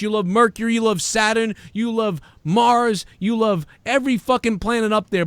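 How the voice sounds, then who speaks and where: Reading out viewer donations on his livestream, a host with a high, fairly bright voice rants casually. His sarcastic, profane, combative insults target a critic, and the recording carries no room sound.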